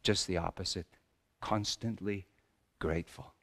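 A man's voice: low voice, fairly even intonation, unhurried, a bit bright, full character voice. A man voicing Joseph as a fond, folksy carpenter father, telling his story in a homespun first-person sermon in a church. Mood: earnest, tender. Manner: homespun storyteller with loose grammar and chuckles. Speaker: pastor. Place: church sanctuary. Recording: long echo of a church hall.

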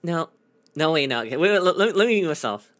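A man's voice: a little high, animated, quick pace, fairly bright tone, dry recording, clean studio sound. A male streamer chatting casually, self-deprecating and rambling, often breaking into laughter. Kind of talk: casual chat.

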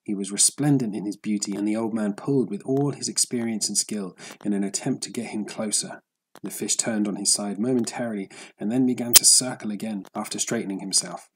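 Husky, low-voiced male storyteller. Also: poor audio. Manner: steady, measured storytelling. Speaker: narrator. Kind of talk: scripted audiobook narration.

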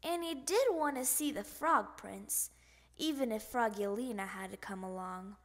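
Woman storybook reader, high bright voice, unhurried, animated read-aloud. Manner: animated, sound effects and character voices. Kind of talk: expressive picture book read-aloud.

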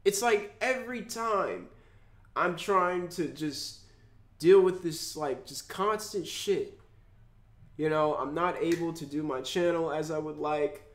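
A man vlogging in an emotional rant, congested and upset, swearing and swinging between loud outbursts and low mumbles. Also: takes it slowly, echoey room. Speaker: YouTuber.

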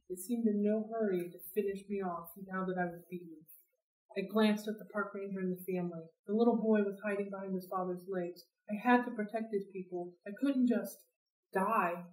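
A woman reading a novel aloud for a library read-along, in an expressive, steady storytelling manner. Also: mid-range voice, normal speed. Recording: roomy sound, distant from mic.

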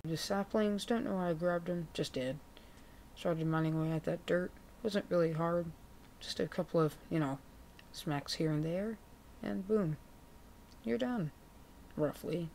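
A woman with a gravelly voice giving chatty, laid-back, self-mocking commentary over her gameplay. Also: lowish voice, a little slow, pauses often, a little mellow, slight background noise. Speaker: gaming video creator. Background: background music, keyboard typing.

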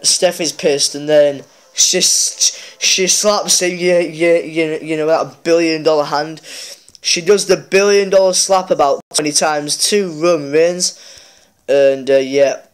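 A man's voice: on the high side, smooth. A man hosting a mobile game channel, casually recapping a wrestling show with lots of fillers and restarts. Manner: rambling, many fillers and restarts.

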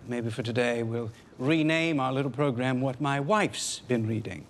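A man's voice: medium pitch, moderate pace, a little hiss or hum, natural voice. An actor playing a formal, dry-humored male professor hosting a 1960s television program, a man from French Canada. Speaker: TV show host.

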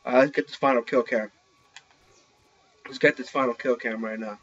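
A young man giving excited live commentary while playing an online shooter, talking into a headset. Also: mid-range voice, normal speed, husky. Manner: excitable, reacting loudly to kills. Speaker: gaming channel host. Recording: slightly dull lo-fi recording.

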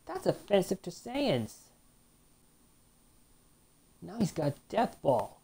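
A woman's voice: lowish voice, huge pitch swings, slow, gravelly, warm tone, husky. A woman host giving chatty let's-play commentary, reacting to a fighting game and reading its text aloud. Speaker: gaming channel host.

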